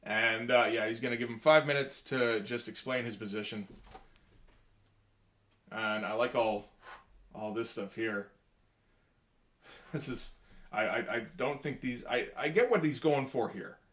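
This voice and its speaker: A man casually talking through a comic book page by page in a halting, rambling way, with wry asides. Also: mid-range voice, a bit bright.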